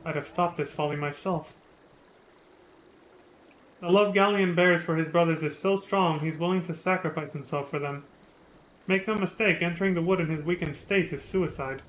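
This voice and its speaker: A man voicing a gruff, commanding resistance captain. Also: fairly high pitch, moderate pace, a bit bright, a little hiss or hum, natural voice, rough recording. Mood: grave. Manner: commanding, gruff, scolds with affection. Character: stern, fiercely loyal male resistance captain. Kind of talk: reading game dialogue aloud.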